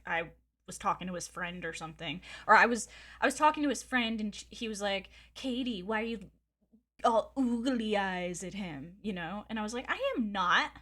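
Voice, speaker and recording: A woman's voice: mid-range voice, fairly bright tone. A woman streamer chatting casually, telling a gossipy story candidly with frequent swearing and laughs. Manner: rambling with fillers and laughs. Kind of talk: casual chat.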